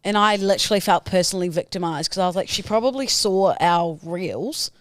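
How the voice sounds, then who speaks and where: A woman's voice: lowish voice, brisk, dry recording. Kiwi woman chatting on a podcast, laughs a lot, dry close sound. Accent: New Zealand. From New Zealand. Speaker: podcast co-host. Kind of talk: casual chat.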